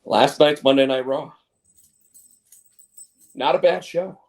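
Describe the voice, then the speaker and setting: A man's voice: on the high side, takes it slowly. A man co-hosting a casual wrestling chat show, rambling and opinionated with many restarts. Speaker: co-host.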